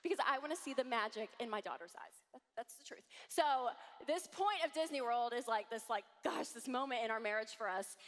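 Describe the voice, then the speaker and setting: Animated woman speaking in a hall. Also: sits high. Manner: animated, acts out quoted voices. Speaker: conference speaker. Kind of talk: live conference talk. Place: large hall with audience. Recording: long hall reverb.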